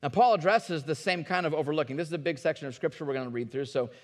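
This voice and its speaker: A man's voice: fairly high pitch, racing, in a large hall. A man preaching a sermon as a pastor, talking to the congregation in an earnest, conversational way and often repeating his words.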